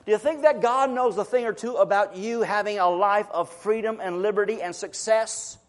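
A high-pitched man in his thirties preaching a folksy sermon to his church. He tells homey stories, laughs now and then and calls out to the congregation, stumbling over frequent fillers. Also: normal speed. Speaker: pastor.

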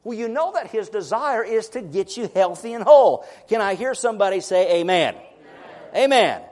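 A man in his thirties, a pastor preaching a sermon in church, folksy and lively, with laughs, stammers and calls to the congregation. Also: high-pitched, fairly quick.

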